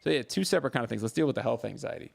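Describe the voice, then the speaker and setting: A man hosting a live mental health Q&A as a therapist, answering viewers in a warm, coaching way and repeating phrases for emphasis. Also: medium pitch, animated, racing, vocal fry. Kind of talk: live-stream advice answering viewer questions.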